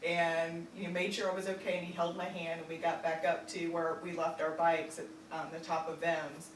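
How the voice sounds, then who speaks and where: Halting woman telling a family memory. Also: lowish voice, level tone. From Virginia, United States. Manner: halting, with many fillers and restarts. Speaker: storyteller. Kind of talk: personal storytelling. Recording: roomy echo, distant mic, faint noise.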